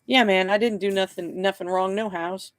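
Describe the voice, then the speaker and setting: A man's voice: high voice, steady tone, normal speed, fairly bright tone, no room sound, clean studio sound. A man reading aloud voices a cheerful, simple-minded young male suspect who drawls in loose street grammar. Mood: grinning.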